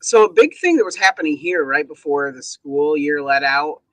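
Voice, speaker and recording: A man in his forties, a comedian guest telling stories in casual chat, deadpan asides. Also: on the high side, moderate pace, no room sound, low-quality recording. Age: 40s.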